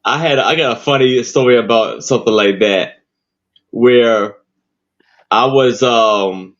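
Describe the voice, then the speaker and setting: A man's voice: mid-range voice, a bit bright, lo-fi sound. A man guesting on a live stream, casually telling a funny story from his past work. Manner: slow, laughing storyteller.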